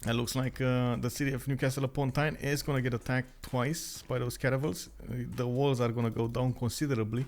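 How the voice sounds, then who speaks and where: A young man casting a live strategy game, talking quickly with many filler sounds and excited outbursts. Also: medium pitch. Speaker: esports caster.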